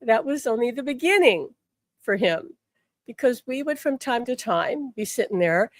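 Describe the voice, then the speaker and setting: A woman's voice: on the high side, normal speed, dry recording. Chatty older woman, dry close mic. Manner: chatty and animated, repeats words, says "like" often. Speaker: spiritual healer and angel teacher. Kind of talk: personal storytelling on a live stream.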